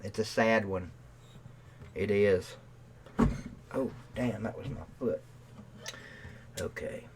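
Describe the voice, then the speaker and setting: A man's voice: fairly low pitch, slow, very noisy. A man hosting a live stream, joking and swearing in a drawl and breaking into off-key joke songs. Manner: joking, profane, drawling banter with off-key singing. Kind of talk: casual live-stream chat with strummed guitar. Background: acoustic guitar.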